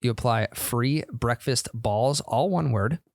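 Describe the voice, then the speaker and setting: A young man co-hosts a casual golf podcast, joking with his friends and then rolling into sponsor-read patter. His voice sits at a middling pitch. The sound is dry and close, with no room in it. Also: slow pace, vocal fry, dry recording. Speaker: podcast co-host. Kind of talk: casual chat with ad reads.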